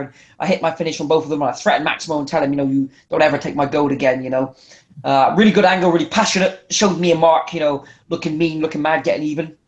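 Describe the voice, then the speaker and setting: High-voiced man telling animated stories. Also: echoey room. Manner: animated, acts out voices in anecdotes, frequent restarts. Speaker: guest wrestler. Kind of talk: casual storytelling interview.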